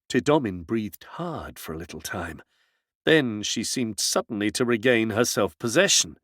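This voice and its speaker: A man reading a classic novel aloud as an audiobook narrator, with dramatic, measured delivery. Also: on the low side, animated, no echo, studio quality. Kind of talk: scripted narration.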